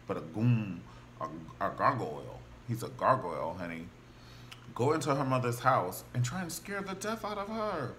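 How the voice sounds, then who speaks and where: A man casually recapping a TV drama, gossipy and animated, acting out the characters' lines as he goes. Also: medium pitch, moderate pace, a little hiss or hum. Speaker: TV show reviewer.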